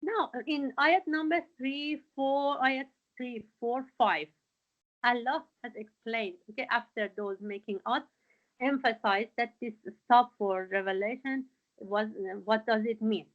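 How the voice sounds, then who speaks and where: A woman's voice: a little high, measured pace, highs cut off. A woman teaching a Quran lesson, explaining verses word by word with frequent fillers and restarts. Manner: hesitant, many fillers and restarts.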